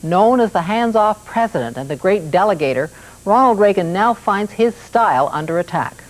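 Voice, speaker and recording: A woman hosting a news program, asking brisk, probing interview questions and introducing segments. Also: mid-range voice, expressive, rough recording. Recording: 1980s TV broadcast off tape.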